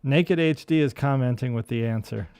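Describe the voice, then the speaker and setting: A man's voice: mid-range voice, moderate pace, a little mellow, clean tone. A man in casual podcast chat, giving blunt opinions about television shows.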